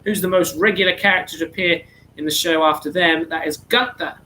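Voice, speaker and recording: A man's voice: on the high side, brisk, sharp tone, a little hiss or hum, low-quality recording. A man hosting an online charity quiz, reading out answers in a chatty, slightly flustered way. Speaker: quiz host.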